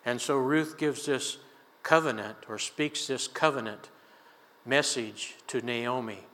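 A man's voice: mid-range voice, takes it slowly, a bit bright, long reverb tail. An older man preaching a sermon in a church, telling a personal story in a folksy, conversational way with chuckles. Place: church sanctuary.

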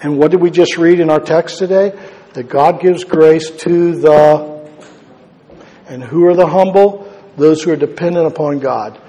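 A man's voice: on the high side, measured pace, dark tone, big-room sound, dull audio. A male pastor preaching an earnest, conversational sermon, repeating key phrases for emphasis. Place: church sanctuary.

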